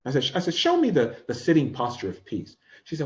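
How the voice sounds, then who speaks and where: A man's voice: mid-range voice, huge pitch swings, fast, noisy background. Coaching man with dull lo-fi audio. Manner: coaching, demonstrates vocal tones. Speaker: life coach teaching a class. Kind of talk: online class teaching.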